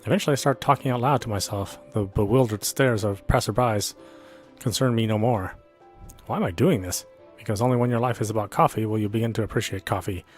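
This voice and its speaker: A man's voice: fairly low pitch, quick pace. A man reading a visual novel aloud in an earnest first-person narration. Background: faint background music.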